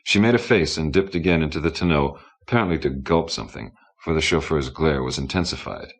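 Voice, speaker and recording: A man reading a science fiction audiobook in a steady, measured manner. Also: a bass voice. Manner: steady, measured storybook narration. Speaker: audiobook narrator.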